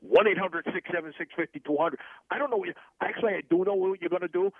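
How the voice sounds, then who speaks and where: A man doing a gravelly Jersey hustler on the phone. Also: fast, no echo. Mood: boastful. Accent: North Jersey. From New Jersey. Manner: boastful rambling pitchman, hard sell. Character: brash, shady middle-aged Jersey hustler man. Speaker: comic caller character. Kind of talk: comedic sports radio bit. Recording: tinny, dry phone line.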